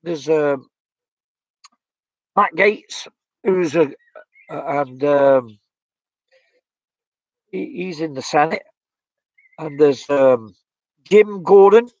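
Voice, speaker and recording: A man's voice: fairly high pitch, very slow, long pauses, a little mellow, no echo. A man hosting a casual live stream, talking bluntly and heatedly with many fillers and restarts while reading viewer comments. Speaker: vlogger reading live chat. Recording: dull lo-fi dry sound.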